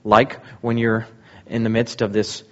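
A man's voice: on the low side, monotone, unhurried, a bit bright. Man preaching on a muffled recording. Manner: reads scripture aloud, then explains it with rising emphasis. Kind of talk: sermon.

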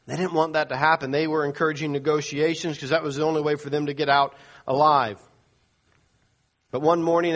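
Storytelling pastor, man, higher voice. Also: a bit bright. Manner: storytelling, voices quoted people with rising pitch. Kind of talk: sermon with a dramatic story.

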